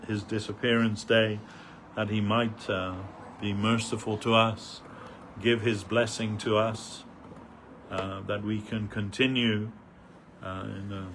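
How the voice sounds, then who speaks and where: Earnest man preaching with halting pauses. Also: fairly low pitch, a bit bright, slight background noise. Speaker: devotee giving a festival talk. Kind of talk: sermon.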